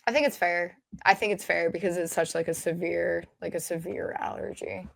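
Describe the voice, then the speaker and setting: Young woman podcast co-host, easygoing, slightly low voice, dry close mic. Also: fairly even intonation, normal speed, gravelly, dry recording. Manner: laid-back, filler-heavy. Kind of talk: casual chat.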